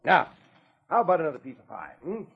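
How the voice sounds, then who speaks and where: A man's voice: fairly high pitch, sing-song, fast, breathy edge, exaggerated voice. A jovial, fatherly camp boss. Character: kindly older male camp boss, fatherly. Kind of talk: 1950s radio drama acting. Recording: muffled old radio recording.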